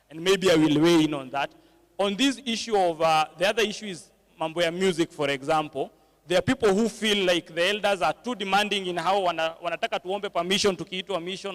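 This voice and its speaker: Guy running a church panel, fairly high voice, lots of "eh?" and uh, swaps into swahili, long hall echo. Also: a bit bright. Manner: mixes English with Swahili, frequent fillers and tag questions. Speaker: panel moderator at a church alumni service. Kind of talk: moderating a church panel discussion.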